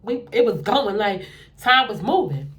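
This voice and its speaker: A woman's voice: medium pitch, unhurried. A woman telling a casual story, acting out the conversations and checking in with the listener. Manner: animated, acts out both sides of conversations. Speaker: storyteller vlogger.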